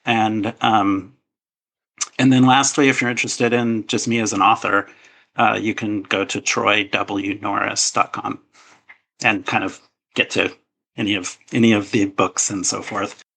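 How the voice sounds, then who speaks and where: A man's voice: fairly low pitch, steady tone, measured pace, creaky, sharp tone, low-quality recording. A man speaking as an author guest in an interview, earnest and a little hesitant, with many fillers and restarts. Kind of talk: casual interview talk.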